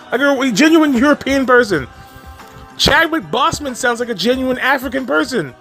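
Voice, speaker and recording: A man with a high voice rants in a loose, unscripted way, swearing freely and breaking into laughs. He trips over his words and starts sentences again. Faint music plays underneath. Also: lively intonation, normal speed, a bit bright. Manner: exasperated, profane, laughs often, repeats and restarts. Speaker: movie commentary vlogger. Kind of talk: casual ranting commentary.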